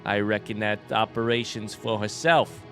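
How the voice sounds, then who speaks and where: A man voicing two gruff male bug scrap merchants in a game, speaking slowly with a put-on Boston and New York accent. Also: on the low side, fairly even intonation, over music, close to an everyday voice.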